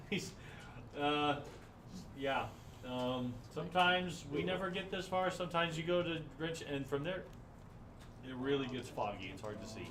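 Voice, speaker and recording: A man narrating as game master of a tabletop game, joking and halting as he goes. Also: fairly high pitch, lively intonation, a bit bright. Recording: roomy, distant mic with clear noise.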